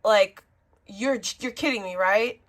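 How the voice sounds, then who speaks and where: A woman's voice: medium pitch, slow. A woman in a heated livestream argument who hurls insults and name-calling.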